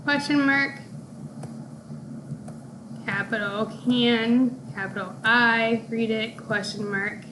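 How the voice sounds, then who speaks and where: A woman teacher walking young pupils through their morning work, speaking deliberately and spelling out punctuation marks. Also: a little high, fairly even intonation, background noise. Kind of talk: recorded classroom lesson walkthrough.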